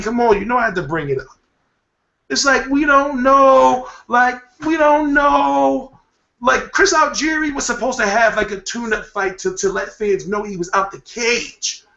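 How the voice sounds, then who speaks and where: A man hosting a boxing talk show, giving a rambling, profane, animated rant in casual commentary. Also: very high-pitched. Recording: echoey room, dull lo-fi sound.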